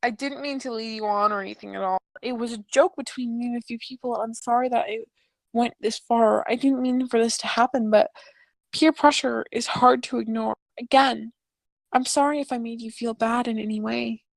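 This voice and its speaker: A woman's voice: fairly high pitch, moderate pace, creaky, no echo. A woman reading as a smarmy teen boy. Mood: apologetic. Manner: flowery, overly formal flattery.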